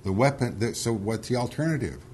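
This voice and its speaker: A man's voice: mid-range voice, animated, a little fast, a little mellow, a little hiss or hum. A man leading a Bible study, reading scripture and then pressing his point with urgency, often repeating words. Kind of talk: scripture reading and heated discussion.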